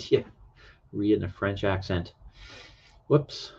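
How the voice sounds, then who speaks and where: A man's voice: fairly low pitch, slow, vocal fry, darkish tone, husky, highs cut off. Rambling man hosting a late-night stream. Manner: rambling, hesitant, many fillers. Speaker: livestream host. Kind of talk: casual livestream chat.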